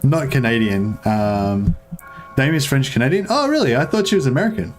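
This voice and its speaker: Faint music runs under this medium-pitched, sing-song male voice at a moderate pace. He's a young streamer casually narrating his strategy gameplay, wandering off topic, kidding with viewers and now and then swearing.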